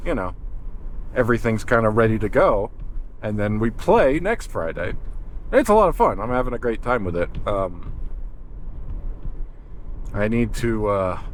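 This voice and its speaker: A man's voice: mid-range voice, slight background noise. A man who films wildlife, talking casually to the camera in his vlog, thinking aloud, restarting sentences and drifting between topics. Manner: chatty, self-interrupting, thinks aloud. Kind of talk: casual rambling vlog monologue. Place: in a car, then outdoors in a cold parking lot.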